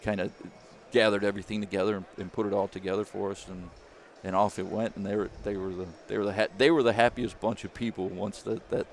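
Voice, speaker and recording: Gravelly low-voiced man telling a story. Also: quick pace, hardly any pauses. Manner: animated storyteller, acts out quoted voices. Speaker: jerky company founder, former caddie. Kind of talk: storytelling interview.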